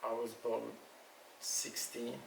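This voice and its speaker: Older Jamaican man with gravelly voice. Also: medium pitch, monotone. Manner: unhurried, reminiscing storyteller. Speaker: elder being interviewed. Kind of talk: casual recollection. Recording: echoey room, far from mic, faint noise.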